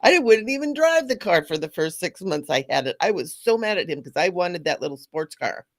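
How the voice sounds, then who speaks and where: Gravelly middle-aged woman, earnest. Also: lowish voice, sing-song, brisk. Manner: earnest, laughing often. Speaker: spiritual teacher. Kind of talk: casual spiritual talk.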